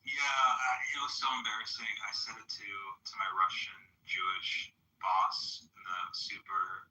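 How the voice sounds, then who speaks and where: A man's voice: on the low side, flat delivery, unhurried, pushed and bright, echoey room, distant mic, low-quality recording. A man chatting casually in an online audio room, rambling and filling his speech with "like". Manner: rambling, heavy use of "like". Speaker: chat room participant.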